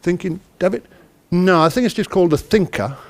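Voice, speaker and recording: A man from the United Kingdom speaks to a conference hall, his voice sitting a little high for a man. He talks in a chatty, self-deprecating way and keeps throwing questions at the audience. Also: animated, a little fast. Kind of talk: interactive conference talk.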